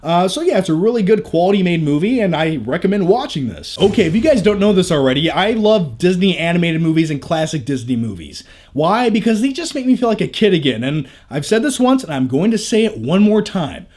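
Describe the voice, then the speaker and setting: A man's voice: high voice, very animated, a little fast, few pauses, a little mellow. A young man chatting casually on a movie review vlog, candid and jokey, with crude asides.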